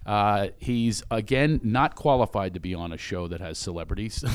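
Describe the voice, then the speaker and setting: A man's voice: fairly low pitch, moderate pace, clean tone. A man hosting a podcast in his office, chatty and joking, laughing often. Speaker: podcast host. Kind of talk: casual chat.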